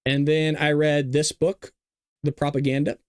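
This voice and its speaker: A man hosting a live commentary stream, his voice set a touch high. He talks in an emphatic, opinionated rush, circling back and repeating his points. The sound is close and dry, with no room around it. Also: level tone, measured pace, no room sound. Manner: emphatic, repetitive ranting with restarts. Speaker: host of a live news commentary show.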